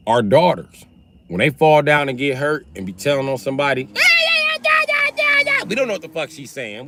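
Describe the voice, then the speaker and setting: A man hosting a livestream, talking in a casual, profane and animated way as he tells stories. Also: mid-range voice. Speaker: livestream host.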